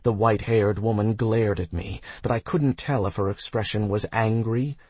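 A man reading a story aloud as narrator, at a slow, even pace. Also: on the low side, slightly rough, no room sound. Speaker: audiobook narrator. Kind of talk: scripted narration.

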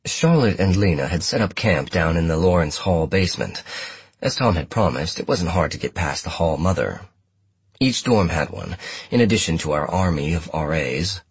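A man reading a first-person novel aloud in a wry, measured manner. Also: low-pitched, husky, no echo. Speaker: audiobook narrator. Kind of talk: scripted first-person narration.

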